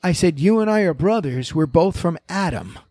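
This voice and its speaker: A man's voice: a little high, moderate pace, no room sound. A man who is a pastor telling personal stories in a conversational panel discussion, acting out both sides of the exchanges he recounts. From United States. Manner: storytelling, animated, quoting exchanges.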